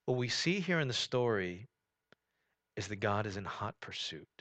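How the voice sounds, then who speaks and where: A man preaching a sermon in a conversational way, often saying "you know", swinging between loud, emphatic stretches and quiet, low ones. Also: big pitch swings, normal speed. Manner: conversational preaching, rising and falling in volume, frequent "you know". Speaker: pastor.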